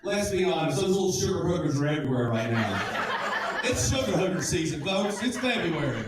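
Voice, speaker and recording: A man's voice: fairly high pitch, very animated, fairly quick, heavy background noise. Brash forty-something male stand-up comic. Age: 40s. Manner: brash, crude storytelling with drawled Southern slang. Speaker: stand-up comedian. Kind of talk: stand-up comedy set. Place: casino stage before a live audience. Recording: echoey room with live crowd, mic heard from a distance.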